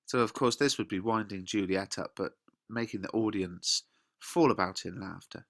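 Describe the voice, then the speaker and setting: Bright-voiced British teacher, dry close sound. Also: male voice, on the low side, moderate pace, dry recording. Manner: reads quoted lines with lively emphasis, then paraphrases casually. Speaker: English teacher. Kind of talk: explaining a play line by line.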